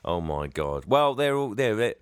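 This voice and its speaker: A man's voice: lowish voice, big pitch swings, moderate pace, smooth, no room sound, studio quality. A man co-hosting a podcast, cheeky and sweary in casual comedic banter. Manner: cheeky, sweary, laughs often. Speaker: podcast co-host.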